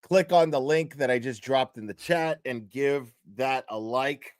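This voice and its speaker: A man hosts a casual livestream from a home setup and rambles through a story, swearing freely and restarting his sentences. His voice sits at an ordinary middle pitch. The sound is close and dry, with no room echo. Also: a little slow. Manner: rambling, profane storytelling with frequent laughs and restarts. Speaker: livestream host.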